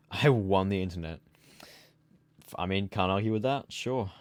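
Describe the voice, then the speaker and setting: A sleepy young man streams a game, chatting casually and rambling, yawning as his words trail off into mumbles. His low voice is unhurried and smooth, captured in a dry recording.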